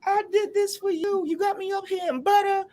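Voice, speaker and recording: Guy doing his sobbing embarrassed ex, squeaky high whiny voice. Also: fairly even intonation, brisk, a little mellow. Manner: whiny, high-pitched, tearful. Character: crying embarrassed ex-boyfriend.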